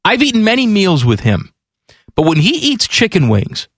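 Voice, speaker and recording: A man's voice: high-pitched, sing-song, moderate pace, no echo, clean studio sound. A man co-hosting a radio show, chatting casually with a wry, teasing manner. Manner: teasing, wry, laughs easily. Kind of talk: casual chat.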